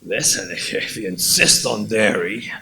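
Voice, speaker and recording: A man's voice: fairly low pitch, animated, normal speed, vocal fry, bright, forceful tone, slight background noise, pitched below the performer's own voice, full character voice, poor audio. A man voicing a stubborn husband who wants steak and grudgingly protests about going along.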